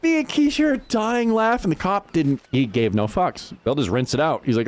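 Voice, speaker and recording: A slightly high, expressive male voice at normal speed, with hardly any pauses. He's a livestreamer playing a game and chatting casually, swearing through loose stories and laughing a lot.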